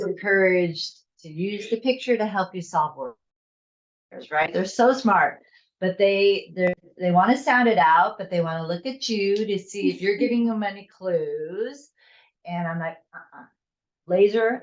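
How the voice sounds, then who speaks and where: Lower-voiced, chatty woman teacher. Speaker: first grade teacher. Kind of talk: parent workshop presentation. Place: school room with parents. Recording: slightly muffled.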